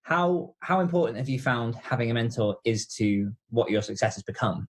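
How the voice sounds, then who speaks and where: A man hosting an interview, relaxed and laughing easily, asking questions with some hesitant fillers. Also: mid-range voice, moderate pace. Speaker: interviewer, podcast host. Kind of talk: casual interview conversation.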